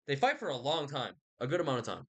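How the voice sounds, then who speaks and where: A man's voice: mid-range voice, wildly swooping pitch, fast, breathy edge. A young man rambling casually about a book he read, slangy and profane. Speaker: host.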